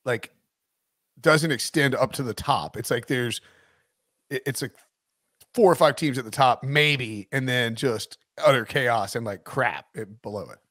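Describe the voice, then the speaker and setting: Man hosting a sports podcast, rambling and jokey, dry close sound, mid-pitched voice. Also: a little slow, a bit bright, dry recording. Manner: thinks aloud, jokey, rambling. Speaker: podcast host. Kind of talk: casual sports chat.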